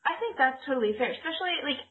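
A woman's voice: sits high, expressive, rapid-fire. A woman co-hosting a casual podcast chat, rambling and laughing often as she corrects herself. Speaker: podcast co-host. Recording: tinny phone-like audio.

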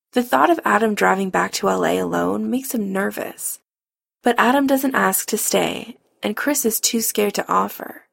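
A woman narrating a romance story in a calm, even storytelling manner. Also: medium pitch, vocal fry, dry recording, clean studio sound. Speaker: audiobook narrator.

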